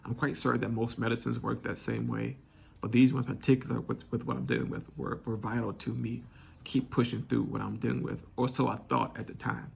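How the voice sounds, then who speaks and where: A young man telling a personal story candidly, halting and restarting often. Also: mid-range voice, level tone, gravelly, husky. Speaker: vlog host.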